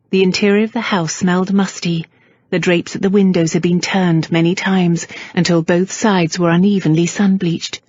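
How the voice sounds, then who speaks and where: A woman narrating a historical romance audiobook in a measured, even storytelling manner. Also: on the low side, no echo, muffled recording. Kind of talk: scripted narration.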